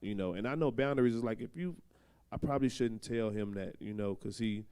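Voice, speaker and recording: A man's voice: on the low side, a little fast, a little mellow, clean tone. A young man talking candidly and loosely in a panel discussion, laughing now and then.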